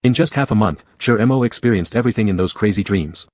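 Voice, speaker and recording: A man narrating a romance comic story in a steady, even reading. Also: lowish voice, fast talker, dry recording.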